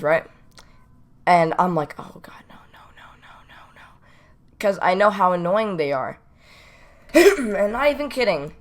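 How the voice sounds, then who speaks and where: A teenage boy casually telling a story from school, rambling and repeating himself as he goes. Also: a little high. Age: teens. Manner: rambling, repeats "not even kidding". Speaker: storytime vlogger.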